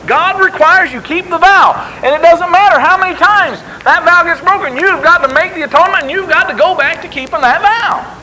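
A man's voice: very high-pitched, fairly quick, few pauses, pushed and bright, slight background noise, poor audio. A man preaching a sermon in an emphatic, conversational way, acting out the quotes he tells.

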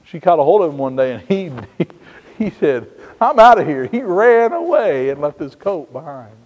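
A man from Indiana preaching a sermon as pastor, swinging from hushed, low passages to loud, slow, emphatic ones. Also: sing-song, muffled recording. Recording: long reverb of a large hall.

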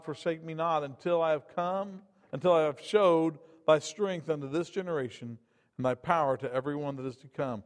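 High-voiced preacher in a reverberant hall. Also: male voice. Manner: dynamic delivery, swinging from loud emphatic to quiet. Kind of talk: sermon.

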